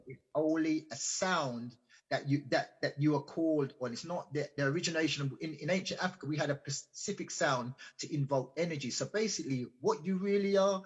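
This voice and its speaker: Earnest husky-voiced man lecturing. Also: medium pitch. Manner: earnest and explanatory, often repeats and restarts words. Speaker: invited guest speaker. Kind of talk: lecture-style talk on a radio show. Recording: dull lo-fi audio.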